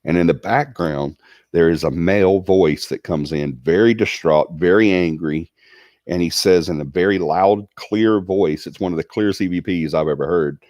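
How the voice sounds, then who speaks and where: Southern guy rambling on his livestream, really deep voice, dry close sound. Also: normal speed, a little mellow, no echo. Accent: Southern American. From Alabama. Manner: rambling, chatty, reads viewer comments aloud. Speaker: livestream host. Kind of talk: casual livestream chat.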